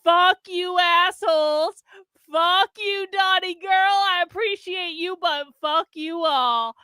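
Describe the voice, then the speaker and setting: A woman's voice: very high voice, slow pace, pushed and bright, no echo, clean studio sound. A tipsy woman hosting a casual livestream, swearing and teasing her viewers, slipping into a mock Southern drawl. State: tipsy from drinking beer. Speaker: livestream host.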